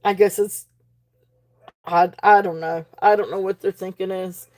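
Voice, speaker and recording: A woman's voice: mid-range voice, fairly even intonation, a little slow, darkish tone. A woman hosting a live-stream jewelry auction in a chatty, rambling way, full of fillers and restarts as she reads the chat aloud. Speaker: livestream auction host.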